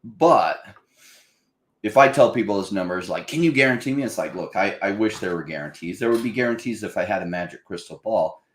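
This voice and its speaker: This is a man running a crypto channel, talking investments in an easygoing but spirited way. He readily acts out nervous, panicking buyers by raising his voice, all captured with a roomy echo.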